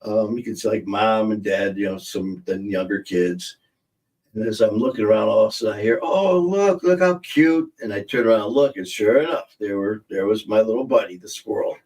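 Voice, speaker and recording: This podcast host talks fairly quickly in a fairly low, darkish voice with fairly even intonation, sitting far from his streaming setup mic. He's a man doing casual live-stream chat, spinning rambling anecdotal stories and laughing at his own jokes.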